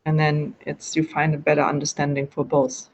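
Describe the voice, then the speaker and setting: A woman's voice: low voice, monotone, moderate pace, slight background noise. A woman from Germany with a German accent, answering interview questions in English in a casual, hesitant way, often restarting and correcting herself as she explains.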